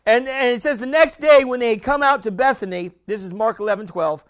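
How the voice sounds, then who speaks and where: A man preaching a sermon in an emphatic, repetitive way that builds up to shouting. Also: very high voice, fairly quick.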